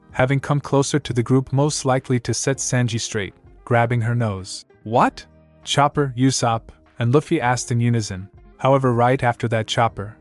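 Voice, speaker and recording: A man's voice: medium pitch, a little mellow. A man reading fan fiction aloud, keeping the characters' lines close to his own voice. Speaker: fanfic narrator.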